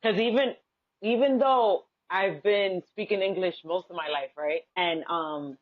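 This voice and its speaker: Woman, Bronx Dominican accent, native Spanish speaker, animated storyteller, interview guest, muffled lo-fi audio. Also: fairly low pitch, measured pace. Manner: animated storyteller, acts out quoted exchanges. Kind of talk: casual interview chat.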